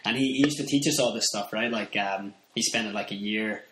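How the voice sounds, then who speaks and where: A man's voice: fairly low pitch, a little fast, fairly bright tone. A Northern Irish man chatting casually as a podcast guest, rambling with lots of fillers and restarts. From Ireland. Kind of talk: casual chat. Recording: roomy echo, faint background noise.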